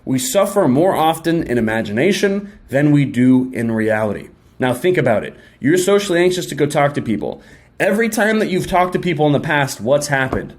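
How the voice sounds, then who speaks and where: A young man giving a casual motivational talk straight to his viewers, energetic and slangy, often acting out quick imagined exchanges. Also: on the high side. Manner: energetic, slangy, acts out quick mock dialogues. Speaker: self-help video host.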